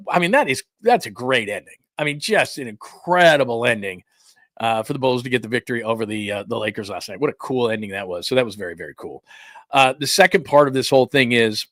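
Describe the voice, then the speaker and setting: A man's voice: medium pitch, a bit bright, no room sound, studio quality. A man hosting a casual sports talk show, chatting with viewers in a rambling, self-interrupting way.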